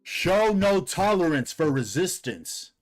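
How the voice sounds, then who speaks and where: A man reading a comic aloud voices a cold, commanding supreme ruler, imperious and measured. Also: high voice, big pitch swings, soft background music, exaggerated voice.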